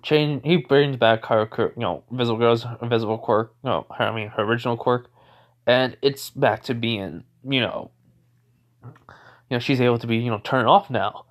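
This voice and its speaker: A man's voice: mid-range voice, moderate pace. Rambling male fan-story narrator. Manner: rambling, many fillers and restarts. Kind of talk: improvised fan-fiction storytelling.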